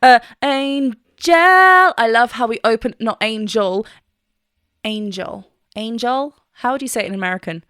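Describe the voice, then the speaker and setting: A woman's voice: fairly high pitch, normal speed, few pauses, bright, forceful tone, clean tone, no echo, studio quality. A woman vocal coach chatting enthusiastically as she reacts to a song and explains singing technique. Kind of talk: casual reaction and vocal analysis.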